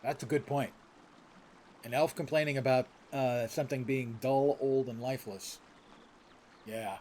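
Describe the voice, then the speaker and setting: A man's voice: medium pitch, fairly even intonation, measured pace, dark tone, a little hiss or hum. A man streaming a game, joking and chatting casually as he plays and reads game text aloud. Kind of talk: casual gameplay commentary.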